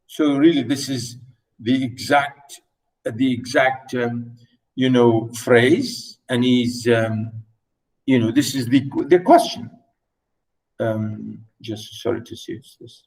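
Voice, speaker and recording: A man's voice: fairly high pitch, expressive, slow pace, far from the mic, rough recording. A man teaching a play, hesitant, with many fillers, repeating and rewording phrases as he explains. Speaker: literature teacher.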